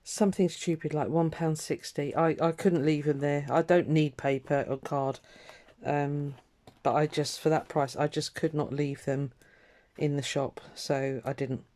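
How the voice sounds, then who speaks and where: A woman's voice: low-pitched, fairly even intonation, a little slow, warm tone. A woman vlogging her crafting in casual, rambling chat, trailing off and restarting her thoughts with lots of ums. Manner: rambling, chatty, self-interrupting with ums.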